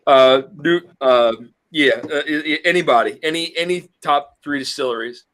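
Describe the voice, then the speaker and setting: Bright-voiced man hosting a casual chat. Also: on the high side, moderate pace. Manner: rambling, with many restarts and fillers. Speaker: host of a whiskey review livestream.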